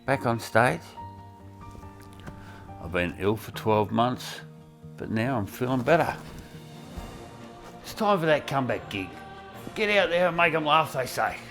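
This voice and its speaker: A man's voice: medium pitch, very animated, moderate pace, long pauses, a bit bright, faint music behind. An Australian man doing a crude, wry stand-up comedy set in a small backyard shed. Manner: crude, wry punchline delivery.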